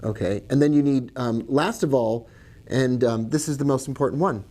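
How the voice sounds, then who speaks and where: A man's voice: mid-range voice, moderate pace, mellow. A man teaching about trading in a casual video lesson, chatty and digressive, with jokes and asides. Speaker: trading educator.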